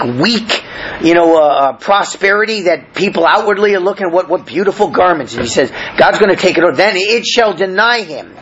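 A male preacher teaching through scripture in an animated sermon, his high voice swooping up and down. He calls for amens and stumbles through fillers as he explains verses. The recording sounds dull and slightly lo-fi. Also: a little hiss or hum.

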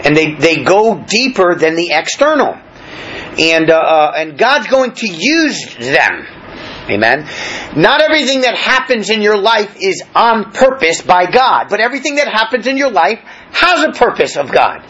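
A man's voice: high voice, sing-song, normal speed, bright, forceful tone, slight background noise, low-quality recording. A man preaching a sermon, reading verses aloud and explaining them in a plain, conversational way with many restarts. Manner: reads scripture aloud then explains it in plain talk. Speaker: pastor.

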